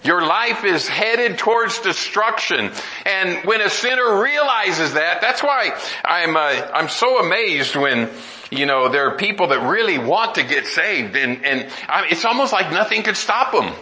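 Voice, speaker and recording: Middle aged preacher guy, super bright voice, earnest, keeps restarting then building up. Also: sits high, very animated, unhurried, rough recording. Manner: earnest, emphatic, with frequent restarts and rising exclamations. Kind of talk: sermon.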